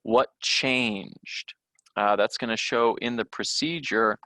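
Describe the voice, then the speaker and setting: In a recorded test-prep lesson, a male teacher with a bright, forward, mid-range voice guides students through test questions at a slow, relaxed, conversational pace. His speech is full of fillers and restarts. The audio is dry and close, with no room echo.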